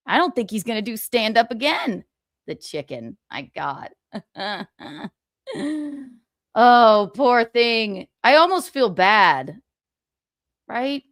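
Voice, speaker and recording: A woman hosts her own livestream, talking in a loose, profane rant, indignant and mocking with frequent laughter. Her pitch swings widely and expressively. The sound is close and dry. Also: sing-song, slow, pauses often, fairly bright tone, no room sound. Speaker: livestream host. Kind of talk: casual ranting livestream chat.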